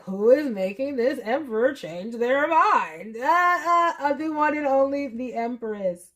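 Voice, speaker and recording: Animated woman giving a tarot reading. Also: sits high, unhurried. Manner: animated, musing aloud, sudden excited bursts. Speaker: tarot reader.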